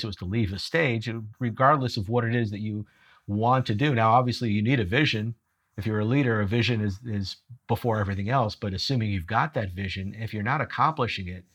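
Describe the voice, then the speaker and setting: A middle-aged man who coaches leaders tells stories in conversation with lively energy and laughs at his own jokes. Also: lowish voice. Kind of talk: storytelling conversation.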